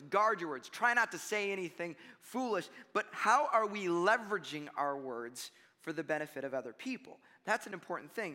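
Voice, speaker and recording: Bright, high-voiced preacher in a hall. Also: male voice. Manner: conversational, storytelling with self-deprecating laughs. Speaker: pastor. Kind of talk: sermon.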